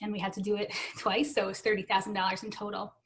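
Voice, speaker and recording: A woman's voice: medium pitch, level tone, fast talker. A woman in her thirties giving an earnest, emotional personal testimony, acting out what others said to her. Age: 30s. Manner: earnest and emotional, with acted-out quoted dialogue. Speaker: guest telling her story. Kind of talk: personal testimony at a benefit stream.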